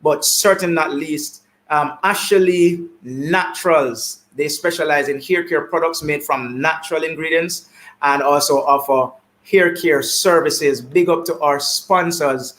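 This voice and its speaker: A man's voice: on the high side, a little slow. Upbeat Jamaican man hosting a show. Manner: animated, repeats greetings and shout-outs. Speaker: talk show host.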